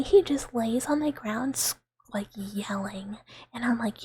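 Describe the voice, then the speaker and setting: A young woman whispering in an ASMR chat stream, soft and giggly, rambling with fillers on a close mic. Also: on the high side, moderate pace, slight background noise.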